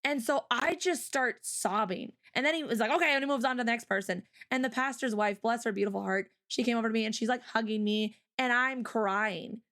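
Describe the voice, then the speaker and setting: A woman's voice: fairly high pitch, fairly quick, hardly any pauses, a bit bright. A woman hosting a livestream and telling a story, with lots of "like" and "um" fillers, often speeding up. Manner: chatty, full of "like" and "um" fillers, often speeds up and acts out her own past words. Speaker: streamer and host.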